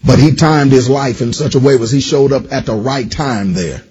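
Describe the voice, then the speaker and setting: A man delivers a sermon in a rough, husky voice that sits at an ordinary middle pitch. He preaches emphatically, with repeated affirmations and rhythmic calls to the listeners. Now and then he drops into casual, joking asides. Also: moderate pace, a little mellow, muffled recording. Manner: emphatic call-and-response preaching; informal, playful asides.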